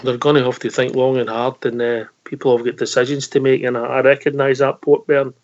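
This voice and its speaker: A man's voice: mid-range voice, level tone, brisk, a little mellow. A man hosting a casual radio phone-in, blunt and full of ums, calling everyone mate. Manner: blunt, calls people mate, hesitant fillers. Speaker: phone-in host. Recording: lo-fi online radio audio.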